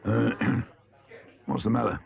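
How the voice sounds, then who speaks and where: An actor playing a gruff, kindly older male badger with a gravelly voice. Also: mid-range voice, little pitch movement, takes it slowly, lo-fi sound. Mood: fretful. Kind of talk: stop-motion animation voice acting.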